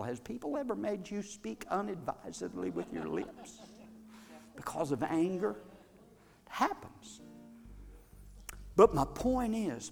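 A man preaching a sermon as pastor, swinging between loud bursts and quiet asides. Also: on the high side, creaky. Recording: long reverb of a large hall.

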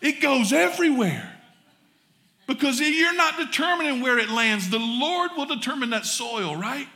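A male pastor with a Southern US accent delivers a folksy sermon to his congregation. His voice sits high and sounds bright and forceful. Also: lively intonation, moderate pace. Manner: folksy, addresses congregation as y'all. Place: church sanctuary.

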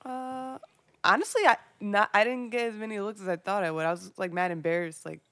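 A woman's voice: medium pitch, steady tone, brisk, a bit bright, no echo. Woman, 30s, easygoing podcast guest, slightly hungover, dry close sound. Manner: laid-back, laughing, casual swearing. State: a little hungover. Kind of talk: casual podcast banter.

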